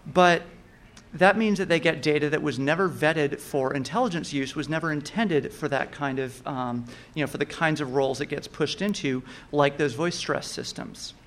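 A man giving an explanatory talk, measured and methodical, with occasional fillers and restarts. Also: on the high side, a bit bright.

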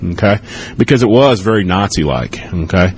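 Rambling middle-aged ex-cop at a conference. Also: male voice, sits low, expressive, normal speed, breathy edge. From United States. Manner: casual, rambling, frequent "okay?" and "you know". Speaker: conference speaker, former police officer. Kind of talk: live talk with audience questions. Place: conference hall with audience.

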